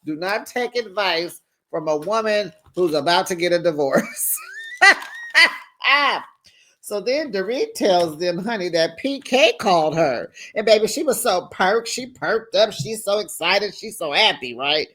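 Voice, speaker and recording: Slow, sassy reality TV recapper. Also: medium pitch, lively intonation, a bit bright. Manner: dramatic storyteller who acts out cast members' lines and laughs often; sassy, talks straight to the viewer. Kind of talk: casual chatty episode recap.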